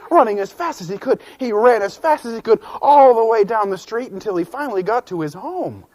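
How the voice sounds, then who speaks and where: A man telling a children's story in an animated, folksy way, with asides to the listeners. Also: sits high, a little fast.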